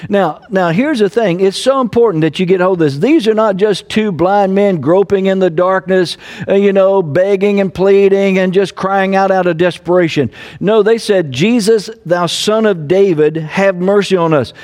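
A man's voice: high-pitched, moderate pace, a little mellow. A man preaching a sermon as pastor, earnest, with repeated phrases and fillers. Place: home.

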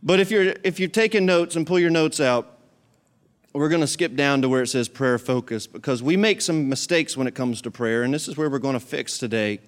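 A man's voice: mid-range voice, a little fast, smooth. A male pastor preaching a sermon in a conversational way, repeating his key points for emphasis.

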